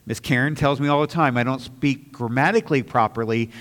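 A man's voice: medium pitch, a little fast, a bit bright, long reverb tail. A man preaching a sermon as pastor, earnest and at times emphatic, with a slight stammer and small restarts. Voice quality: slight stammer on some words.

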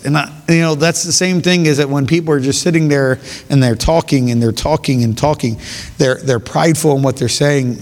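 A man's voice: medium pitch, big-room sound. A man preaching a sermon in an earnest way, often restarting and repeating his phrases.

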